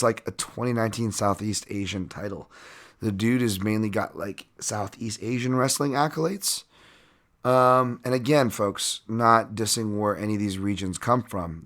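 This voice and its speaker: Podcast host guy, low voice but bright and punchy, rambles and pokes fun at himself. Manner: rambling, self-mocking, chuckles often. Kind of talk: casual sports-betting breakdown.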